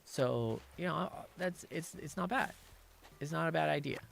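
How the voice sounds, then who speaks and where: A woman's voice: low-pitched, moderate pace, vocal fry, a little hiss or hum. A woman streamer in casual, rambling chat while gaming, laughing at herself often.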